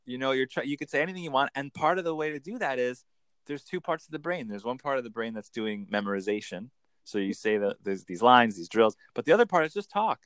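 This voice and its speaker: Animated male accent coach, dry sound. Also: mid-range voice, smooth, no room sound. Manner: animated, lively storytelling with quick bursts into put-on voices. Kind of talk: casual interview chat.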